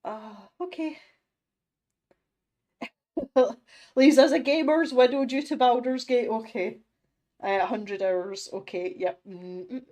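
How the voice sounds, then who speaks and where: A middle-aged woman from Scotland, with a high-pitched voice of darkish tone, hosts an art livestream from her home studio. Her talk is casual chat over viewer comments, self-deprecating, laughing often and restarting sentences.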